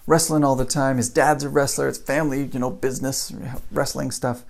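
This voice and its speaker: A man's voice: mid-range voice, steady tone, brisk, vocal fry, few pauses. A man giving a casual motivational talk, telling a story and building it up with repeated phrases. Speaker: motivational speaker.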